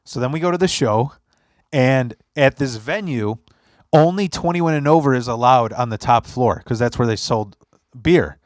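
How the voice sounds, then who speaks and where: A young man tells stories on a podcast in casual, profane chat, jumping into voices whenever he quotes someone. His delivery is lively and animated. The sound is dry and close to the mic. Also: medium pitch, normal speed, no room sound. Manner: animated storyteller, acts out quotes, swears a lot. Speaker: podcast host.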